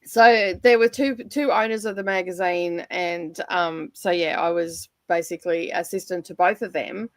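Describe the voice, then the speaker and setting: A woman's voice: lowish voice, fairly even intonation, normal speed, hardly any pauses, dry recording. A middle-aged Australian woman in casual chat on a livestream, rambling and chatty, with lots of fillers and frequent laughter. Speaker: livestream guest.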